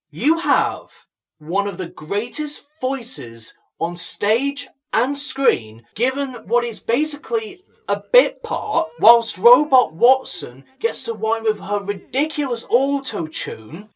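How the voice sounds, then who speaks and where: A man's voice: high-pitched, sing-song, slow, husky. A man co-hosting a comedic film review, sarcastic and easily outraged.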